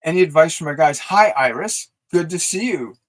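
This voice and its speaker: A man with a fairly high voice hosts a live spiritual guidance stream. He speaks in a soft, unhurried, soothing way, leading slow breathing and release exercises, then reads out viewer messages and answers them warmly. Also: lively intonation, low-quality recording. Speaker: psychic reader and host.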